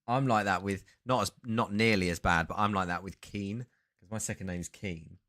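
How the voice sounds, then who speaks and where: A man with a fairly low voice hosts a relaxed live stream. He talks to the viewers in a loose, meandering way. He often breaks off mid-sentence to start over or spin a story. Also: normal speed. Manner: rambling, self-interrupting storyteller. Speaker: sports card streamer. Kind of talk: casual live-stream chat.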